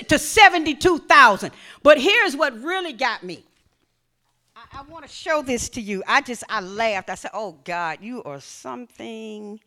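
A woman preacher delivering a sermon, reading scripture and building to shouted calls to the congregation. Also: high voice.

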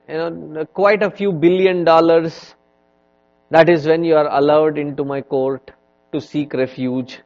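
A man giving a spiritual lecture on scripture, telling stories in an unhurried, conversational way with many "you know" fillers. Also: a little high, steady tone, a little mellow. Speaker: swami teaching scripture. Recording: dull lo-fi recording.

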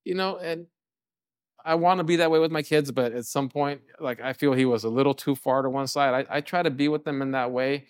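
A man's voice: mid-range voice, steady tone, fairly quick, smooth, dry recording, clean studio sound. A man, a chef and restaurant co-owner from California, telling stories in a casual interview, full of "you know" fillers. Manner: rambling, fillers like "you know", acts out quotes.

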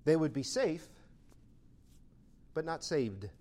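A man's voice: a little high, lively intonation, takes it slowly, a little mellow. A male pastor preaching a sermon, exhorting with emphatic rhetorical questions.

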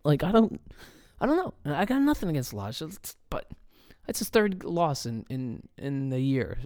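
A male host of a casual solo soccer podcast launches into an animated fan rant packed with swearing, filler words and restarts. At medium pitch and a moderate pace with hardly any pauses, he's recorded in clean studio sound with no echo.

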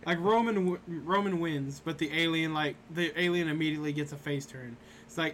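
A man's voice: fairly high pitch, a little fast, a bit bright, a little hiss or hum. A young man hosting a casual podcast, recapping matches in a rambling way full of fillers. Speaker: podcast host recapping wrestling. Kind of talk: casual chat.

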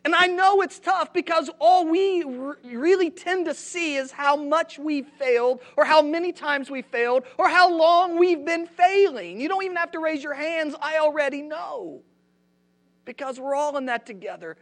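A man's voice: extremely high pitch, moderate pace. Male pastor, sermon, casual and conversational, asks questions. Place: church.

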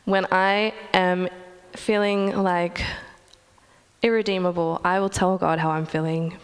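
A young woman delivers a sermon in an earnest, measured tone, pausing to let her points settle. Her voice sits fairly low for a woman and carries a long reverb, as if spoken in a large hall. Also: level tone, clean tone. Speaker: preacher.

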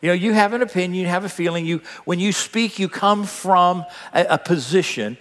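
An older man preaching a sermon, telling stories with big swings between loud bursts and hushed asides. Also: high voice, brisk. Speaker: pastor. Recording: long hall reverb.

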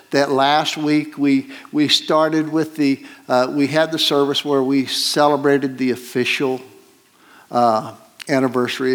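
A man preaching a sermon, retelling a scripture story slowly with many pauses and fillers. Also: medium pitch.

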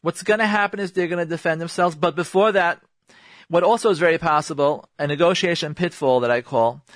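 A man's voice: a little high, a bit bright, no room sound. Emphatic man giving radio marriage advice. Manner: emphatic, repetitive, addresses listeners directly; uses Hebrew religious terms.

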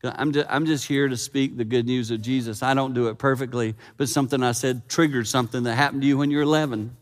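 A man preaching a sermon in a church, animated and emphatic, slowing down for his earnest points. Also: mid-range voice. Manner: animated, building to loud emphasis, then slow and earnest. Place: church sanctuary. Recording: long reverb in church hall.

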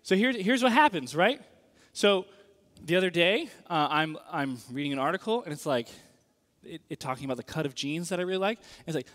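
Speaking fairly quickly, a pastor delivers a lively, conversational sermon, often posing questions to the audience to check in with them. His fairly high voice jumps and swoops in pitch, and the sound rings with the long reverb of a big hall.

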